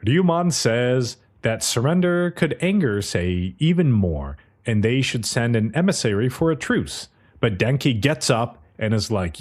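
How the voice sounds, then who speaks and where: A man retelling a story in loose, chatty podcast talk, his pitch rising and falling freely from line to line. He is breezy and unfiltered, tossing in swear words as he goes. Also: sing-song, a little slow. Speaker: podcast host. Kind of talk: casual episode recap.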